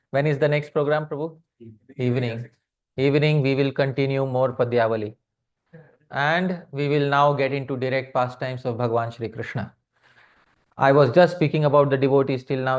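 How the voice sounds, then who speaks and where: The recording is slightly muffled as a man with a medium-pitched, darkish voice teaches a scripture class on poetry. Addressing his audience as dear devotees, he questions them and chants each verse slowly before giving its translation.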